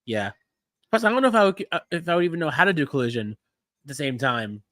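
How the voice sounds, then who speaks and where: A man's voice: on the high side, sing-song, fast talker, sharp tone, dry recording. A man hosting a casual wrestling-watch live stream, rambling with frequent restarts and easy chuckles. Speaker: podcast host.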